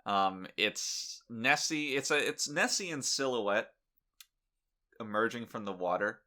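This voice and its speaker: A man's voice: mid-range voice, a little slow. A man co-hosting a podcast, chatting casually with dry, joking delivery. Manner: deadpan joking, playful bits. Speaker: podcast co-host. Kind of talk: casual comedic chat.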